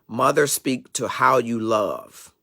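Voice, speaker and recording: Gravelly, preachy middle-aged male host. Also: medium pitch, takes it slowly, pushed and bright. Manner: preachy, emphatic, digressive. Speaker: talk show host. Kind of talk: motivational talk show monologue.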